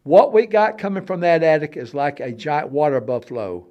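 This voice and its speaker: Animated man telling stories. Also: a little high, moderate pace, lo-fi sound. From Alabama. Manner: animated, swings from hushed to loud for sound effects, laughs often. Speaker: storyteller guest on a talk show. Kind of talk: casual storytelling conversation.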